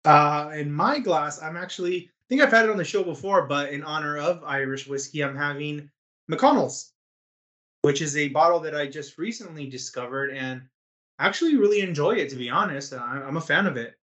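A man co-hosting a casual podcast, talking in a relaxed, rambling way with lots of fillers. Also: fairly high pitch, a little fast. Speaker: podcast co-host. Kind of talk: casual chat.

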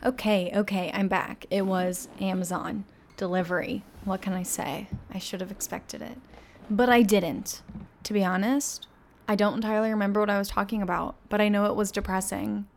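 A woman's voice: mid-range voice, steady tone, normal speed, gravelly, slight background noise. A woman in her twenties hosting a podcast, talking at home in a candid, self-mocking monologue and swearing often. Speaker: podcast host. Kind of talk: casual confessional monologue.

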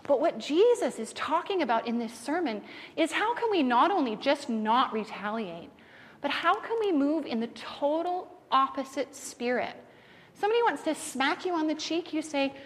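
A woman's voice: high voice, normal speed. A woman in her thirties preaching a sermon, telling family stories and acting out what people said. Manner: animated storyteller acting out family quotes. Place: church sanctuary. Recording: reverberant church hall, faint room noise.

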